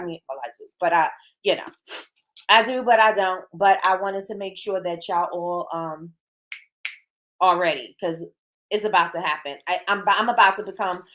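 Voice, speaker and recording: A woman's voice: mid-range voice, a bit bright. A woman hosting a casual livestream, chatty and emphatic, greeting viewers and making announcements. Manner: chatty and emphatic, Southern-style "y'all", quick asides. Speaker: livestream host.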